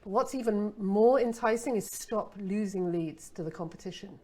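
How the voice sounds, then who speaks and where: A woman's voice: medium pitch, moderate pace, mellow. Chatty, playful woman teaching copywriting. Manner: chatty and playful, with rhetorical asides. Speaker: copywriting expert giving a masterclass. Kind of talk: casual spoken masterclass.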